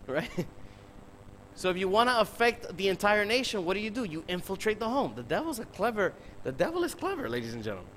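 A man's voice: sits high, a bit bright, slight background noise, low-quality recording. A man preaching a sermon who speaks emphatically, peppers his talk with rhetorical questions and addresses the congregation directly.

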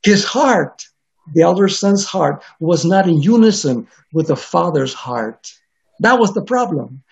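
A man with a high-pitched, expressive and creaky voice preaches a sermon at an unhurried pace. He reads scripture aloud and earnestly explains it, restarting often. The recording is dull and lo-fi.

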